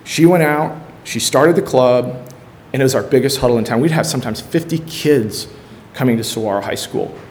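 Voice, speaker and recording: Middle-aged male coach, church testimony, earnest storyteller, faint rumble behind. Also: normal speed, a little mellow. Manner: earnest, storytelling, acts out quotes with rising energy. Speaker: high school football coach and ministry leader.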